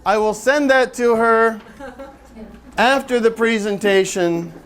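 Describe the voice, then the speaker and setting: A man's voice: high-pitched, slow pace, a bit bright, slight background noise. A middle-aged man giving a live teaching seminar to an audience, chatty and joking as he draws the room in. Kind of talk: live workshop presentation.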